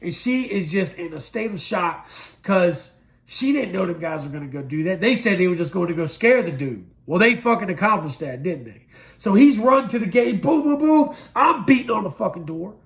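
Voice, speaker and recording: A middle-aged man recounting his prison past in a blunt, profane storytelling manner, swinging from loud bursts to low murmurs. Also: lively intonation, normal speed, creaky. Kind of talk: candid storytelling interview.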